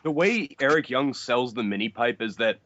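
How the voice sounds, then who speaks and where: A man's voice: mid-range voice, animated, normal speed, fairly bright tone, dry recording. Chatty male co-host, mid voice; dry, dull podcast audio. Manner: chatty, laughs, fillers. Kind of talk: casual wrestling review chat.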